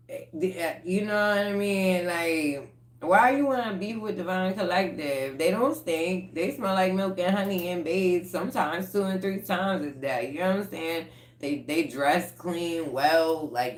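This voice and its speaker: Low-pitched woman reading tarot cards for her viewers, blunt and profane and laughing a lot. Her deep voice rings in an echoey room, and she talks in a loose, casual way. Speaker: tarot reader.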